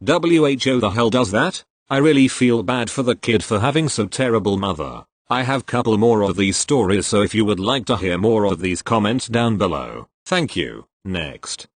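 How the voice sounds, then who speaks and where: A man reads online posts aloud one after another, going straight through each story and closing each with "thank you, next." His lowish voice is expressive, at normal speed with hardly any pauses, in a dry recording.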